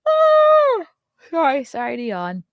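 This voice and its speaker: A woman's voice: lowish voice, normal speed, no room sound, narrow, tinny audio. A woman hosting a casual live stream, reading news aloud and adding sarcastic asides to her chat. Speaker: show host.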